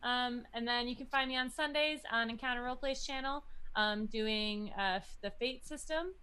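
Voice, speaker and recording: A woman chatting casually about where she plays, losing her thread and laughing at herself. Her voice is bright and sharp, with a smooth, clean tone. She sits a little above the usual pitch for a woman. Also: normal speed. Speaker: tabletop game player. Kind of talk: casual chat.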